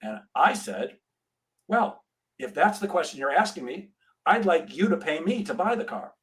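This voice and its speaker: A man's voice: fairly high pitch, moderate pace, low-quality recording. A middle-aged man, a sales trainer and guest, telling a story in a podcast interview and acting out the dialogue. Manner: animated storyteller, acts out dialogue.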